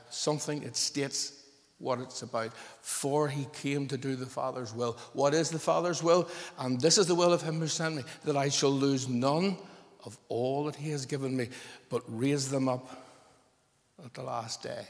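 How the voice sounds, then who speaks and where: A male preacher delivers a sermon with emphatic, repetitive stresses. His voice sits at an ordinary middle pitch. It rings out with the long reverb of a large church hall. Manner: emphatic, repeating phrases for stress.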